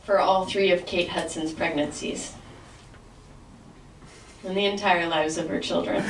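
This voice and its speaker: Slow, hesitant woman in an echoey room. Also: fairly low pitch, lively intonation, distant mic, a little hiss or hum. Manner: halting, with many fillers and self-interrupting restarts; laughs at her own jokes. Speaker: stand-up comedian workshopping a set. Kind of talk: rehearsing stand-up material in a comedy class. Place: classroom.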